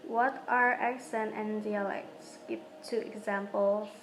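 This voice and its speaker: A young woman whose first language is Indonesian, a student reading her prepared exam answers aloud in short, halting phrases that often stumble. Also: medium pitch, steady tone, slight background noise, low-quality recording.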